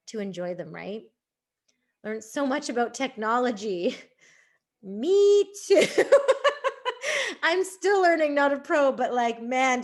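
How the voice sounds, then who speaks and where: A woman hosting a casual group video call, bubbly and laughing often as she reads out what others write in the chat. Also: a little high.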